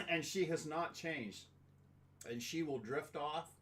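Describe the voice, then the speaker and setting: A man's voice: on the high side, fairly bright tone. A man co-hosting a podcast, chatting casually with his wife and acting out little dialogues. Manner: jokey, acts out quick back-and-forth dialogues. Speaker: podcast co-host. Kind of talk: casual chat.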